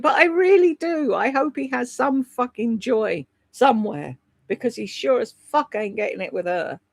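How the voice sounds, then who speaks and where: This livestream host's voice is a little high and expressive, gravelly, at a moderate pace, with no room sound. She chats casually, gossiping bluntly, swearing freely and replying to viewer comments by name.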